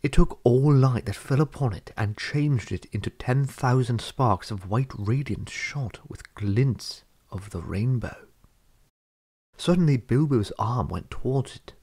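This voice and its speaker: Gravelly husky guy reading a fantasy story aloud, measured and hushed at times. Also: mid-range voice. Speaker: audiobook reader. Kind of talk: storybook narration.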